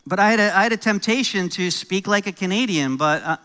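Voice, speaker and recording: A middle-aged American pastor delivers his sermon in a slightly high, bright voice. He moves between easy, joking asides and pointed, building emphasis. He grew up in New York. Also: expressive, a little fast, smooth. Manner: conversational preaching with jokes and rising emphasis.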